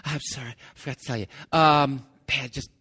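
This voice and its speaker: A man voicing a young prince who stammers out hurried excuses. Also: medium pitch, fairly even intonation, sharp tone, slightly rough. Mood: flustered.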